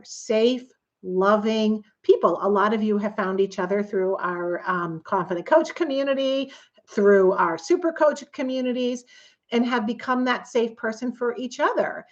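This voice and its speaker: A woman's voice: fairly high pitch, lo-fi sound. A woman coach giving a conversational, earnest teaching talk, now and then acting out quoted voices. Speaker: coach and author.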